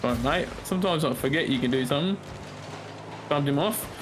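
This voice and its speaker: A man giving excited, joking commentary while playing a game with a friend, throwing in mock-British slang. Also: a little high, a little fast, background noise. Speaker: gamer streaming with a friend.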